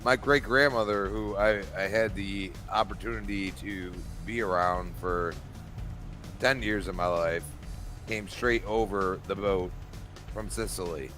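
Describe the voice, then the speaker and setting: Over faint background music, a podcast co-host with a lowish voice speaks a little slowly during a casual chat. He's an animated, rambling storyteller who recounts family stories, restarting often and laughing a lot.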